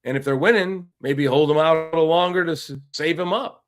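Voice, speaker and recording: Slightly high-voiced man ranting about football. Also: brisk. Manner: ranting, frustrated, with many restarts. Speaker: podcast host. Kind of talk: casual sports talk podcast.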